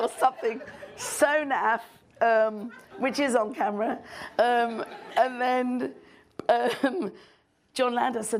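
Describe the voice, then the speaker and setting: A middle-aged woman, a filmmaker guest on stage, telling an animated anecdote with frequent laughter and mimicry. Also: a little high, slow.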